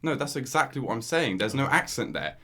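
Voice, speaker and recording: A young man chatting on a podcast with a bright, forceful voice. His pitch swings widely as he argues his point. He keeps breaking into laughter and tosses in "mate" as he goes. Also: a little fast, slight background noise. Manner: animated, laughs often, says "mate". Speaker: podcast co-host. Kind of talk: casual chat.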